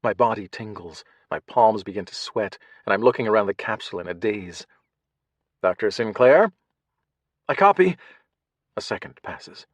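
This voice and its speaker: A man narrating an audiobook in first person, measured, shifting between hushed and tense passages. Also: lowish voice, husky, no room sound.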